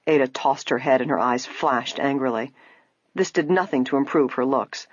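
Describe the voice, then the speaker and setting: Woman audiobook narrator, low and husky, slightly muffled recording. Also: normal speed, no echo. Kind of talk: scripted narration.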